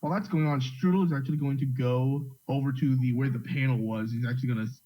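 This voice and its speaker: A man's voice: medium pitch, quick pace. A man playing in a tabletop game, talking casually and exclaiming in surprise. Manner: animated, exclaiming. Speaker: player. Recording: dull lo-fi mic.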